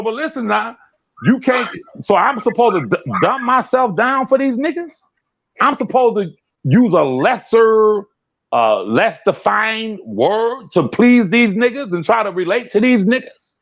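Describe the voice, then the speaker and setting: A man talking bluntly in a casual live-stream chat, animated, swearing and often laughing. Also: fairly high pitch, vocal fry. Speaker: guest commentator. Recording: dull lo-fi stream audio.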